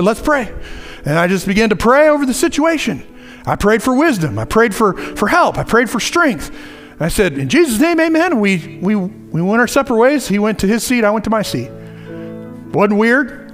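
A man preaching with a high, lively voice that climbs and drops all through. His delivery is conversational and animated, and he acts out little asides as he goes. Faint music plays underneath. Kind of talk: sermon.

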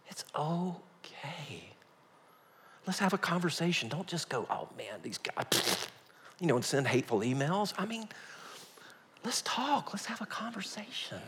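A male pastor preaching a sermon in a folksy storytelling way, swinging from hushed asides to loud outbursts. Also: mid-range voice, a little hiss or hum. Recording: long reverb of a large hall.

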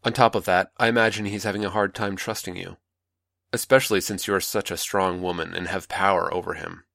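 A man playing a manipulative older male mentor, calm, patronizing and coaxing, in a dry close recording. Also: sits low, brisk, gravelly, no echo.

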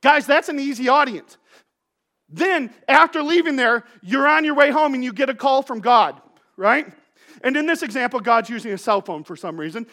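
A man's voice: extremely high pitch, lively intonation, normal speed, sharp tone. A male pastor giving a sermon in a conversational, joking way, telling playful stories to his congregation.

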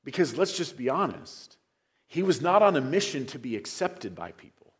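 A man's voice: a little high, sing-song, moderate pace. Man preaching an expository sermon. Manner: expository preaching, rising in intensity when quoting scripture. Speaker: pastor.

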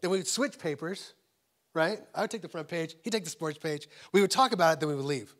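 Serving as a guest pastor at a church service, a middle-aged man delivers a sermon in a fairly high voice at a quick clip. He repeats phrases to drive points home, shifting between urgent, raised passages and hushed moments close to a whisper.

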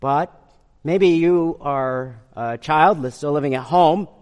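A man preaching a sermon, slowing to stress scripture and speeding up to explain it. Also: on the high side, a little mellow, clean tone, big-room sound. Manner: swings from slow emphatic reading of scripture to quick explaining. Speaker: pastor.

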